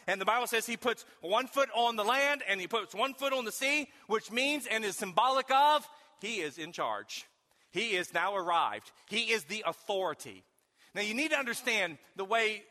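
A man preaching a sermon, emphatic and folksy, with storytelling and sudden shouted questions. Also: high voice. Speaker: pastor. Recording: long hall reverb.

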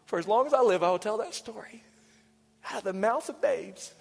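A pastor in his forties preaching a sermon, moving between raised passages and hushed, whispered lines. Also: sits high, animated, fairly quick, creaky. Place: church sanctuary. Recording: church hall reverb with soft music.

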